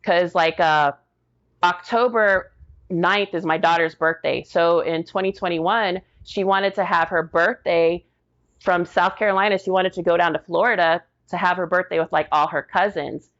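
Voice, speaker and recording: Lively veteran woman, lo-fi audio. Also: lowish voice, normal speed. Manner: lively retelling, acts out quoted dialogue. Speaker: guest, Army veteran. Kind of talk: casual interview storytelling. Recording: dull lo-fi audio.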